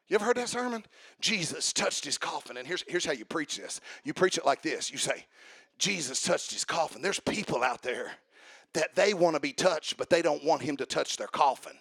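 A man preaching a sermon, joking with the congregation and building to shouted emphasis. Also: on the high side, no echo. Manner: humorous, calls out to the congregation.

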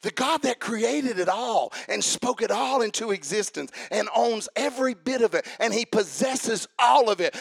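A middle-aged preacher with a very high, gravelly voice. He moves between booming, sing-song exhortation and quiet, chatty asides. The recording is dry and close. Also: lively intonation, normal speed, few pauses, no room sound. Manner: swings from shouted, sing-song preaching to hushed, chatty storytelling. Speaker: pastor. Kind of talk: sermon.

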